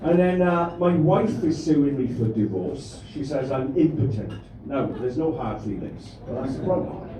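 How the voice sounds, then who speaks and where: A man's voice: mid-range voice, lively intonation, moderate pace, few pauses, warm tone, slight background noise. A man doing a crude, rambling stand-up routine and bantering with the crowd. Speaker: stand-up comedian. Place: comedy club stage. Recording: echoey room, mic from a distance.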